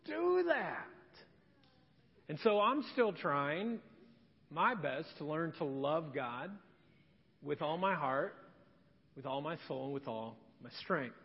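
A middle-aged man preaching a sermon as a pastor, telling stories in an animated, conversational way. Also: high-pitched, breathy edge. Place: church sanctuary. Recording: dull sound with long hall reverb.

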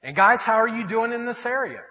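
A pastor delivers his sermon in a church sanctuary, his high voice swinging widely as he tells stories and acts out the voices of the people in them. The sound carries a long hall reverb. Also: fairly quick. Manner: animated storytelling, acting out quoted voices.

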